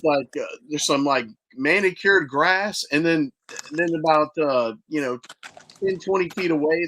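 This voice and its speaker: A man's voice: a little high, pushed and bright, no echo, rough recording. A man hosting a podcast, chatting casually and retelling eerie stories with emphasis. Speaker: podcast host. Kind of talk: casual chat.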